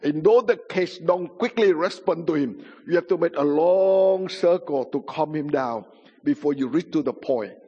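A man's voice: fairly high pitch, lively intonation, normal speed, dark tone, breathy edge. A man giving a sermon testimony in non-native English, with simple grammar and a dramatic storytelling manner. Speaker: pastor. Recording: muffled sound in a reverberant hall.

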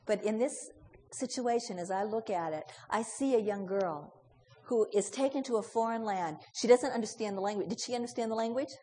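Woman preacher, fairly high voice, story sermon full of questions to the listeners, long hall reverb. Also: a little fast, mellow.

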